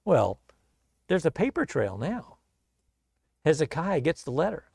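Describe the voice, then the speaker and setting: A gravelly, fairly high-voiced male pastor tells a bible story as a relaxed, chatty sermon. The sound is close and dry. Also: a little slow, dry recording. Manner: casual, conversational retelling.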